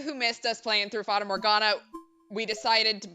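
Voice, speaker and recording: Over game music, a young woman streams a casual let's-play, chatting nervously and babbling with many fillers. Her medium-pitched voice sounds pushed and bright, with fairly even intonation and a moderate pace.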